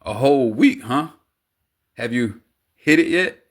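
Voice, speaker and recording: A man voicing a cocky, teasing, smooth-talking womanizer in an audiobook. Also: medium pitch, lively intonation, measured pace. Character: smooth-talking womanizing male friend, adult, brash.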